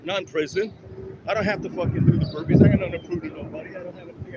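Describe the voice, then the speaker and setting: A man's voice: a little high, expressive, fast talker, highs cut off. A man ranting with a lot of swearing during an outdoor workout vlog, winded between exercises, with traffic around him. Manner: profane, heated and preachy. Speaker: fitness vlogger.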